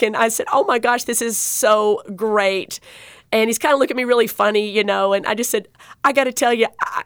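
A woman who works as a dental assistant, telling a personal patient story in an interview, heartfelt and animated, with many fillers and restarts. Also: medium pitch, no echo, studio quality.

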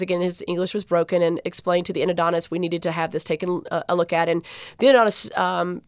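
A woman who works as a dental assistant, telling a personal patient story in an interview, heartfelt and animated, with many fillers and restarts. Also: on the low side, dry recording, studio quality.

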